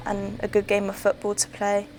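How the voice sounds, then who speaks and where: Female player, flat and gravelly voice, interviewed over a music bed. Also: medium pitch. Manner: measured, hesitant with fillers. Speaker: footballer. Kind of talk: post-match interview reflection. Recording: music bed and crowd noise behind.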